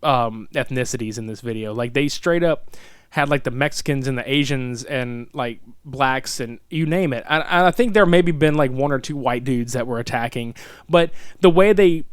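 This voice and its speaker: A man co-hosting a podcast in casual chat, profane and animated, laughing often. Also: mid-range voice, normal speed, clear, resonant tone, no echo, clean studio sound. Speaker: podcast co-host.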